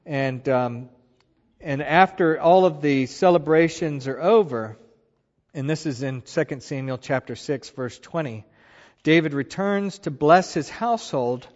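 A man retells a Bible story in an animated, conversational teaching style. His voice sits a little high. The sound is dull, with a long reverb trailing off. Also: measured pace.

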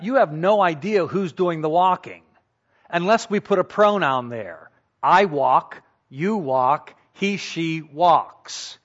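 A man preaching a sermon, teaching slowly and deliberately and repeating key points for emphasis. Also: sits high, a bit bright, dull audio. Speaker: pastor.

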